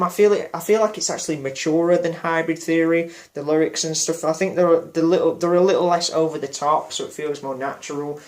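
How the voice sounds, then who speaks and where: A music vlogger shares a loose personal reflection, his voice a little higher than most men's. He rambles, circles back, uses fillers and restarts, and apologises now and then for forgetting details.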